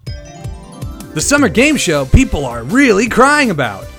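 A man's voice: sits high, huge pitch swings, slow pace, a bit bright, faint music behind, pitched above the performer's own voice, heavily acted. A man voicing a brash male game show announcer in a mock ad. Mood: hyped. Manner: hyped announcer delivery.

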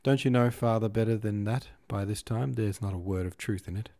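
A man voicing a brisk, sensible young daughter who teases and scolds in a practical tone in an audiobook reading. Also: lowish voice, warm tone, lightly acted.

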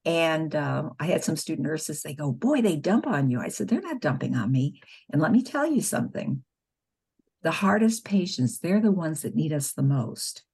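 A woman's voice: low-pitched, sing-song, normal speed, darkish tone, slightly rough. A middle-aged woman, a nurse and spokeswoman, telling patient stories earnestly in an interview, acting out the dialogue. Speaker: nurse and pro-life spokeswoman. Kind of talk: conversational interview storytelling.

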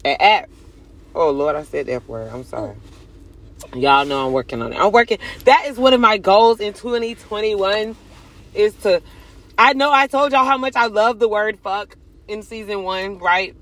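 Young woman vlogger, chatty and profane, jumps between loud and hushed. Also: medium pitch, moderate pace. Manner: animated, swings from loud bursts to hushed asides, cursing and joking. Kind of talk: casual chat to camera.

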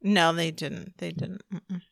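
Female podcast host, bright voice with some fry, teasing, dry close mic. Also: fairly low pitch, steady tone, slow, no room sound. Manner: teasing, laughs often, steers the talk. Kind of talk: casual chat.

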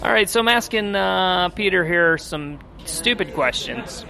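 A man hosting a casual comedy podcast from a basement, easygoing and quick to laugh. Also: high-pitched, lively intonation, gravelly, pushed and bright. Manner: easygoing, laughs often, stumbling restarts. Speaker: podcast host. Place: basement studio.

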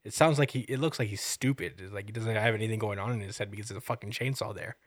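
Podcast co-host, male, low-ish voice, dry close sound, rambling storyteller who acts out quotes. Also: fast, dry recording. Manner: rambling, quotes characters in a lively acted-out way. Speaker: podcast co-host recapping a manga chapter. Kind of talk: casual chat.

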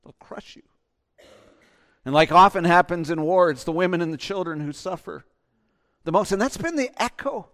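A man preaching in a high voice, his sermon rising into loud, urgent pleas before dropping to soft, hushed lines. He acts out quoted voices with growing intensity. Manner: impassioned, swings from loud urging to soft near-whispers. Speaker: pastor.

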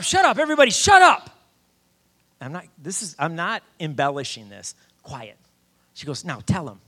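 A middle-aged man preaching a sermon, telling his own story with lively quoted voices. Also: medium pitch. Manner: animated storyteller, shouts quoted lines. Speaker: campus minister preaching. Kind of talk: sermon with personal testimony.

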